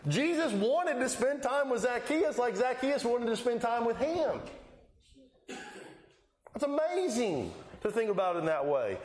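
A man with a high voice preaching a sermon, telling the old stories and slipping into the voices of their people. His voice rings out in an echoey room. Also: sing-song, measured pace, darkish tone, a little hiss or hum. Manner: storytelling, acting out the Bible scenes in quoted voices.

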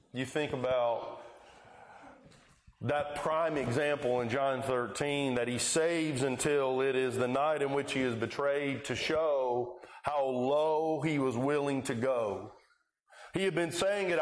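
A man's voice: medium pitch, reverberant. A man preaching a sermon who tells the Bible stories and acts out the lines of their people in quoted voices. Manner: storytelling, acting out the Bible scenes in quoted voices.

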